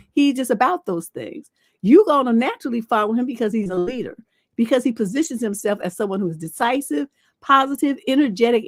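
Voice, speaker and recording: A woman's voice: on the high side, dry recording. A middle-aged woman relationship coach giving blunt, profane advice on a livestream, acting out retorts as she tells stories. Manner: blunt, profane, animated storytelling with acted-out retorts.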